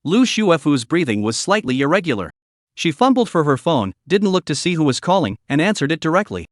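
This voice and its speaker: A man reads a comic story recap in a scripted, storytelling manner. His voice is fairly high and very animated. The recording is close and dry with no room sound. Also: a little fast, no room sound. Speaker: recap narrator.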